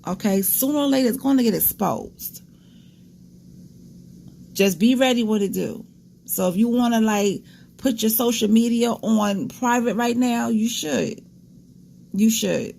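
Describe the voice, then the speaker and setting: Gravelly-voiced woman vlogger, blunt commentary. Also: fairly high pitch, measured pace, long pauses, dark tone, a little hiss or hum. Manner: candid, disgusted asides, talks straight to viewers. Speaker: commentary channel host. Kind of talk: casual commentary vlog.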